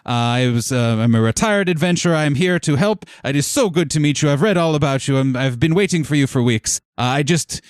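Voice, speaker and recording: A man voicing an excitable, stocky retired adventurer woman who runs a guild office, speaking in a thick accent and gushing eagerly. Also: medium pitch, slow, hardly any pauses, clean tone, no room sound, studio quality. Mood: excited welcome. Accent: thick unnamed accent.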